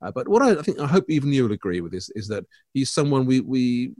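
A man's voice: mid-range voice, sing-song, fast talker, darkish tone, no echo. Scottish guy cohosting an art podcast, teasing and chatty, dry close mic. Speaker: podcast co-host. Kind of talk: casual chat.

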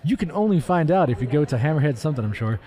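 A man's voice: fairly high pitch, lively intonation, racing, dark tone. A man co-hosting a podcast, chatting playfully and laughing often while at a fan convention. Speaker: podcast co-host. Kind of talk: casual chat at a fan convention.

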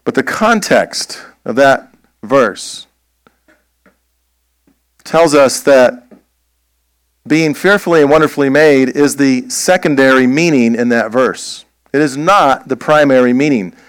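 A man preaching a sermon as pastor, slow and emphatic, posing rhetorical questions. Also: mid-range voice, smooth, dry recording.

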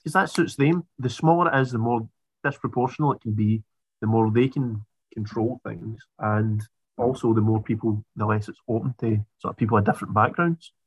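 A man leads a political discussion with dry, sarcastic jabs. His voice is husky and sounds dry and close to the mic. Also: on the low side, steady tone, normal speed, dry recording, muffled recording. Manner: wry, sarcastic, opinionated. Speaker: podcast host.

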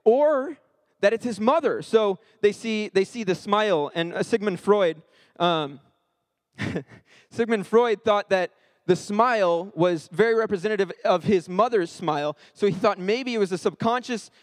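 A man's voice: high voice, measured pace, long reverb tail. A man leading a Bible study in a conversational way, often checking in with his listeners. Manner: conversational, keeps checking in with "right?". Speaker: Bible teacher.

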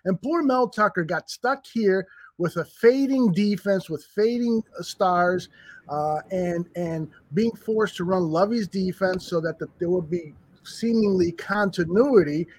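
A man co-hosting a casual sports talk show, telling stories in an animated way with many restarts. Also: sits high, measured pace, no room sound. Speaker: podcast co-host. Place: studio bar room.

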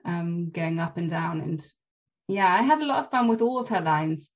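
A woman actor, a guest on a casual podcast interview, tells stories from filming with light laughter. Her voice is fairly low in pitch and moves at a normal speed.

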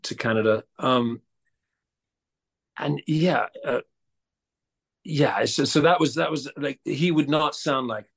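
Man, actor guest, gravelly creaky voice, animated, lots of restarts. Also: mid-range voice, slow, pauses often. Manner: animated, many restarts and repeated words. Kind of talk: casual interview chat.

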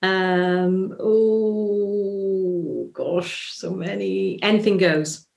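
A woman's voice: medium pitch, fairly even intonation, drawn-out words, creaky, soft background music. A middle-aged woman, a stage actress giving advice in an interview, chatty and full of restarts. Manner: chatty, warm advice with many restarts and "you know". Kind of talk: casual interview chat.

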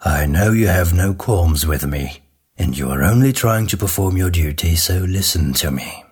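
A gravelly, weary witch hunter, as a male narrator gives him voice, speaking very deep and unhurried with a rough, husky edge. He talks slowly and gruffly, coaxing rather than shouting. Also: lively intonation. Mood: calm, persuasive. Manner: low, slow and gruff, quietly persuasive.

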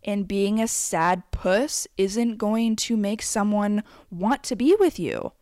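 A woman's voice: medium pitch, slow pace, darkish tone, no room sound, clean studio sound. A woman in her twenties ranting bluntly with plenty of swearing, giving candid advice in a casual conversational way with frequent asides. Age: 20s. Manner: blunt, profane and emphatic. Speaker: vlogger. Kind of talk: candid advice rant to camera.

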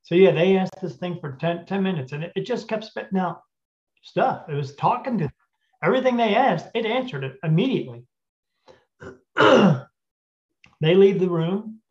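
A man telling a story casually as a podcast guest, acting out the dialogue and often clearing his throat. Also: high-pitched, normal speed, pauses often. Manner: animated retelling with quoted dialogue. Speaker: guest spirit medium. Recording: dull lo-fi audio.

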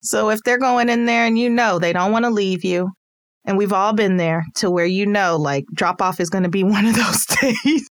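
A woman's voice: mid-range voice, moderate pace, dry recording, studio quality. A mother giving casual parenting tips, chatty and laughing easily as she acts out little scenes. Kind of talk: casual advice talk.

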